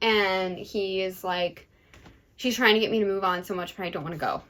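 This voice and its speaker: A woman's voice: medium pitch, fairly even intonation, moderate pace, fairly bright tone, low-quality recording. A young woman co-hosting a casual book chat, recapping the plot and reading passages aloud. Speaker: book podcast co-host.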